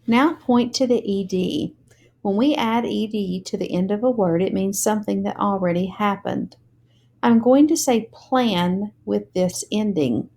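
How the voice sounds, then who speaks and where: A woman teaches a phonics lesson, spelling words out letter by letter at a slow, deliberate pace. Her voice is medium-pitched and mellow.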